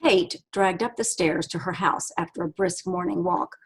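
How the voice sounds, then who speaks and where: A woman author reading aloud from her own novel in a steady, measured way. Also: on the low side, slightly rough, rough recording.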